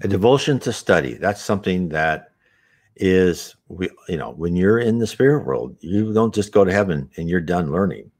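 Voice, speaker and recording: A man's voice: low voice, animated, moderate pace, a little mellow. A man hosting an unscripted spiritual talk, earnest and rambling, with frequent restarts and asides.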